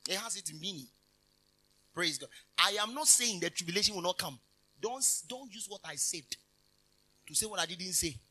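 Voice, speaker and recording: High, bright-voiced preacher man. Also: animated, moderate pace, long pauses, slightly rough, low-quality recording. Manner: jokey, emphatic, with frequent hallelujahs and laughs. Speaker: minister. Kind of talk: conversational sermon. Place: convention hall.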